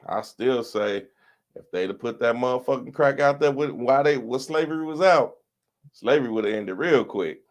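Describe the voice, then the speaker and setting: A man's voice: medium pitch, moderate pace. A man co-hosting a podcast, trading profane comic stories and laughing often. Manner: profane, loud laughing, storytelling. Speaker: podcast co-host. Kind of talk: raunchy comedic banter.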